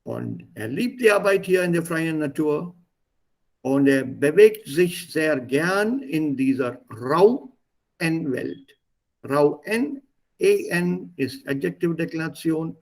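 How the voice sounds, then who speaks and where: Slow, gravelly-voiced male language teacher. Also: fairly high pitch, lively intonation. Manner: reads a line, then translates and explains it. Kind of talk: explaining a text line by line.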